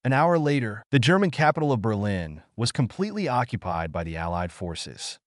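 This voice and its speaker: A man giving steady scripted narration as the reader of an audiobook. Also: lowish voice, a little fast, no room sound, clean studio sound.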